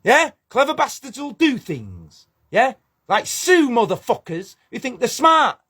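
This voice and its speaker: A man's voice: extremely high pitch, sing-song, measured pace, sharp tone, breathy edge. A man ranting angrily to camera, swearing and confrontational. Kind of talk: angry video rant.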